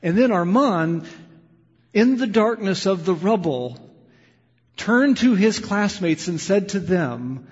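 A male pastor preaching a sermon, moving between loud, impassioned emphasis and quiet, hushed storytelling. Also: high-pitched, expressive, takes it slowly, husky. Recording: lo-fi sound with long hall reverb.

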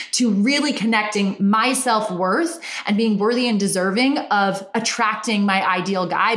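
A woman's voice: mid-range voice, reverberant. A woman with a Californian Valley Girl accent, a coach speaking straight to her viewers in an earnest, enthusiastic, self-revealing way. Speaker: dating and business coach. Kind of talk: motivational solo talk to viewers.

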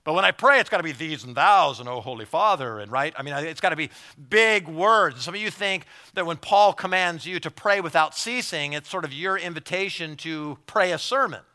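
Animated bright-voiced male preacher. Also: high-pitched, a little fast, hardly any pauses. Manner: animated, conversational preaching with many repeated words and acted-out asides. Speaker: pastor. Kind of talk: sermon.

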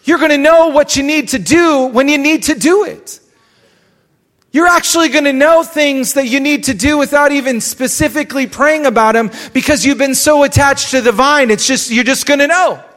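A pastor preaches a live sermon in a church sanctuary, exhorting the congregation and repeating phrases for emphasis. His voice is extremely high-pitched and a bit bright, at normal speed, and the hall adds a long reverb.

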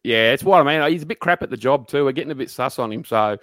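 A man's voice: medium pitch, lively intonation, fast talker, a bit bright, no room sound, clean studio sound. A young adult man with an Australian accent, telling workplace stories on a podcast, swearing freely and mimicking coworkers. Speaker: podcast co-host. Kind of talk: casual storytelling chat.

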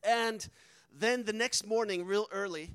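A man's voice: high voice, unhurried, fairly bright tone, clean tone, no echo, low-quality recording. A man, a missionary, telling a personal testimony with earnest emotion and acting out the quoted dialogue. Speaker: missionary speaker.

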